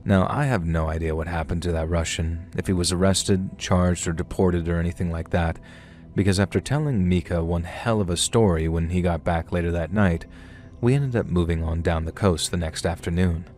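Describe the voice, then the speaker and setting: Male channel narrator with a low voice, casual and slangy; first-person storytelling. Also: steady tone, normal speed, darkish tone, faint music behind.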